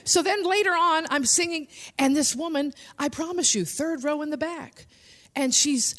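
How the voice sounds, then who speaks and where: A woman from New Jersey with a New Jersey accent, telling animated comic stories on stage as a comedian and singer. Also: high-pitched, moderate pace. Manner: animated, breathless storytelling. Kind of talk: stand-up storytelling to an audience.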